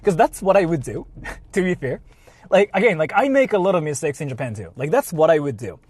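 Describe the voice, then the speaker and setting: A man telling a story in a casual vlog, animated and full of filler words. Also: on the high side, a little fast, breathy edge, no echo, poor audio. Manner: animated, heavy use of filler "like", laughs often. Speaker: vlogger. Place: inside a car.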